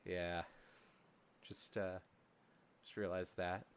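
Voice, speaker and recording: A man's voice: low voice, level tone, slow pace, smooth. A man co-hosting a podcast who reads fan fiction aloud and breaks off into wry, joking commentary. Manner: wry and joking, often laughing. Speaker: podcast co-host and narrator.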